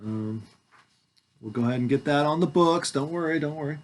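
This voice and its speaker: A man's voice: fairly high pitch, brisk. Man in his forties, mumbly legal reader. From Washington, United States. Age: 40s. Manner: mumbles and trails off at times; playful, joking asides between formal reading. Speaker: video host reading his own documents. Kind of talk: reading a legal declaration aloud with casual asides. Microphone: headset.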